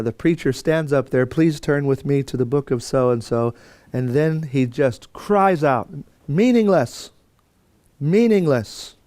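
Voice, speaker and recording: A man's voice: medium pitch, darkish tone, no room sound. Man lecturing on scripture, dry sound. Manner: conversational, frequent fillers and restarts, acts out quotes. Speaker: Bible lecturer. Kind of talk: classroom lecture.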